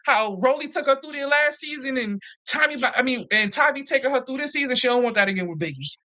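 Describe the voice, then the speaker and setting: A woman hosting a casual, animated recap chat, swearing freely and acting out what others said. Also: sits high, quick pace. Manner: animated, profane, acts out quotes. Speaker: host.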